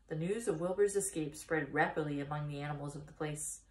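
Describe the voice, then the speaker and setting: A woman reads a children's storybook aloud in a fairly low voice, telling it clearly and expressively. The room around her is echoey. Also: fairly quick, darkish tone. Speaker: story time reader.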